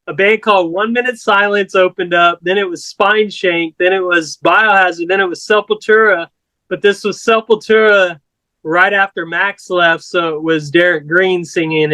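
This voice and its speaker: A man's voice: high-pitched, bright, forceful tone, no room sound, poor audio. A man from Corpus Christi, Texas, telling a story as a guest musician in a laid-back, rambling way with casual swearing.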